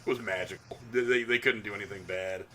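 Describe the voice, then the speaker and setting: Man, quick talker, lowish bright voice, stammering restarts. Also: fairly even intonation, slight background noise. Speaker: podcast co-host. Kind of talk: casual film discussion.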